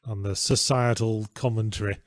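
A man's voice: on the low side, steady tone, normal speed, no room sound. A man co-hosting a casual stream, reading out donations in a dry, sarcastic way.

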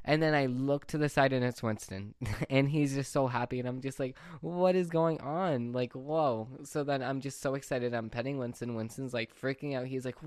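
A man's voice: medium pitch, clear, resonant tone, no room sound, studio quality. A young man vlogging, telling a rambling story in casual chat and often correcting himself. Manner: rambling, excitable, self-correcting.

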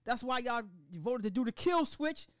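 A man hosting a casual podcast, ranting in an animated, profane, excitable way. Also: very high voice, normal speed, clean tone, dry recording, clean studio sound. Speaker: podcast host.

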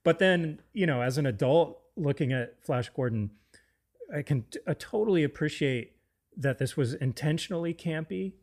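A man's voice: fairly high pitch, normal speed, a little mellow. A man co-hosting a casual film discussion, enthusiastic and often restarting his sentences. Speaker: podcast co-host.

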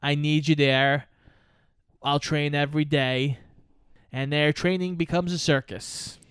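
Male co-host, casual podcast chat, animated storyteller, acts out quotes, sweary, smooth clear voice, dry close sound. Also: a little high, a little slow, dry recording.

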